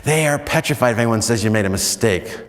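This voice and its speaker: An American man with a mid-range voice gives a spiritual talk as a priest, telling stories in a loose, self-mocking way and often adding "you know." He grows animated, his voice swooping up high. His voice rings with a long reverb from a large hall. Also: fast. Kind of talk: storytelling retreat talk.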